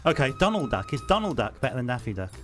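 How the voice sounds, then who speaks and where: A man's voice: medium pitch, sing-song, quick pace. Man, London accent, casual podcast co-host, self-deprecating, trips over his words, faint music underneath. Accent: London English. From England. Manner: chatty, self-deprecating, many restarts. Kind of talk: casual chat.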